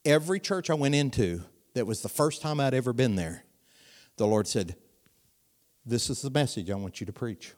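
A middle-aged man preaching a sermon in a voice that sits in the middle of the male range. He talks to the congregation like a friend, asking them questions, then lifts his volume for emphasis and slows down on the key lines. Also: medium pitch. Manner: animated preaching with rising volume and dramatic pauses; conversational, asks the audience questions.

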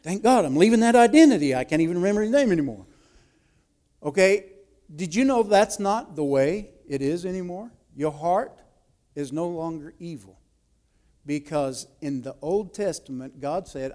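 A male pastor preaching a sermon, repeating key phrases and swinging between loud urgent emphasis and hushed, intimate asides. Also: fairly high pitch, lively intonation, normal speed.

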